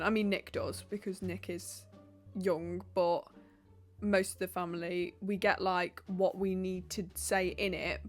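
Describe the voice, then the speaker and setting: A woman, answering viewer questions in a casual vlog, chatty and bubbly with lots of fillers. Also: fairly low pitch. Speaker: YouTuber and roleplay voice actor.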